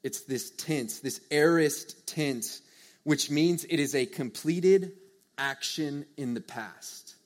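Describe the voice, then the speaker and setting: A young man preaching a sermon to a live audience, earnest and conversational, swinging from hushed to loud emphasis. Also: fairly high pitch, slow. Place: church or meeting hall with a live audience.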